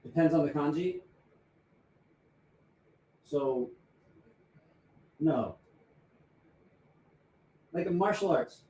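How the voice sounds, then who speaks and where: A man's voice: fairly high pitch, very slow, pauses often, warm tone, husky. Rambling casual male livestreamer. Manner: rambling, self-correcting, chatty. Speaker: livestream host.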